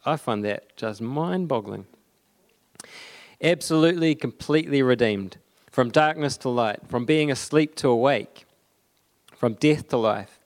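A young man giving a conversational sermon, halting often with fillers and restarts. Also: medium pitch. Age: young adult. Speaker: preacher.

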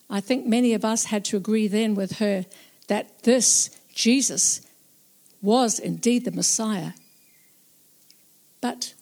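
A woman narrating a Bible story as a first-person witness, slow, reflective and earnest. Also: fairly high pitch, a little mellow.

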